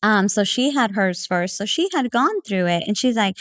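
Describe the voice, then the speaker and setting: A woman's voice: medium pitch, moderate pace, no room sound. Chatty woman telling stories, dry sound. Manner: chatty, full of fillers like "like" and "you know"; animated, acting out quoted remarks. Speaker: podcast guest. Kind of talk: casual conversational storytelling.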